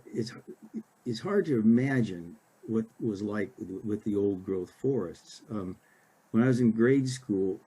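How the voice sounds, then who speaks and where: An older man from Oregon, an author giving a casual library talk, halting with many fillers and restarts. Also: on the low side, dark tone, husky.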